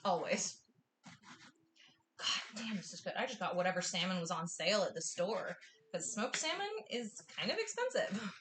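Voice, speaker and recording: A very animated young woman from the US Northwest, speaking at a moderate pace in a mid-range voice, runs a live cooking class with background noise behind her. She chats effusively with her viewers, bubbly and frequently gushing.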